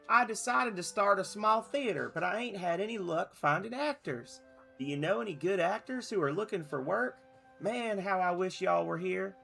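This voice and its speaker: Man doing a young country woman, Southern US twang, high voice, folksy, teasing, loud. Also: lively intonation, moderate pace, creaky, soft background music, exaggerated voice. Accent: put-on Southern US country. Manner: folksy, teasing letter-reader. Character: young woman starting a small theater.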